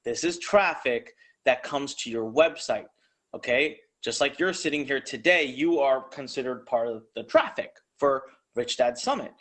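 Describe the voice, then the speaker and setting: A man's voice: mid-range voice, moderate pace, a bit bright. A man presenting a live online business seminar, talking straight to viewers in a hyped, salesy way while drawing on a board. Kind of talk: energetic live webinar pitch.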